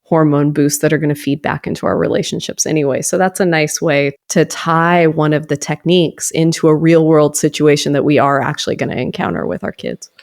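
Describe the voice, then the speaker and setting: A woman's voice: deep voice, steady tone, fairly quick, few pauses, darkish tone. A woman in a casual podcast conversation, summing up and explaining.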